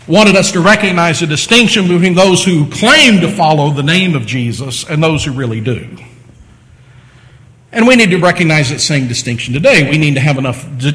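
A man preaching a sermon, teaching with lively emphasis and repeating phrases to drive points home. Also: fairly high pitch, in a large hall, poor audio. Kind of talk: sermon lecture.

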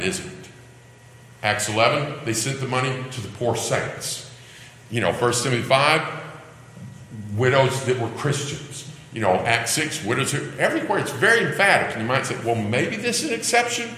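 Bible class teacher, man, bright lively delivery, strong hall reverb. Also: mid-range voice. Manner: emphatic, asks rhetorical questions. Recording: echoey hall with long reverb.

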